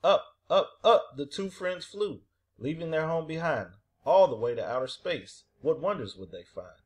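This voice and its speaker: A man reading a children's picture book aloud with animated storytelling. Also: fairly high pitch, moderate pace. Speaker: reader.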